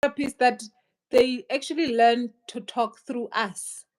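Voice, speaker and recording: A woman with a high, bright-pitched voice hosts a relaxed conversation. She talks earnestly and gives gentle advice, with a light laugh here and there. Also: a little slow, rough recording. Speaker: host. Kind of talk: casual chat.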